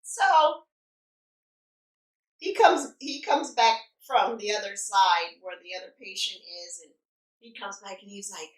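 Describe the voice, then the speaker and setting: A woman vlogger telling a story animatedly, sometimes dropping into quiet asides. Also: mid-range voice, lively intonation, a little slow. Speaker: mukbang vlogger. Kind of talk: casual storytime. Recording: echoey room, distant mic.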